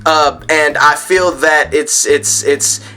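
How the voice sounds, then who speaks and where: A man's voice: fairly high pitch, steady tone, slow, sharp tone. A man vlogging about gaming and tech in a casual rant to camera at home, rambling with frequent restarts and repeated words.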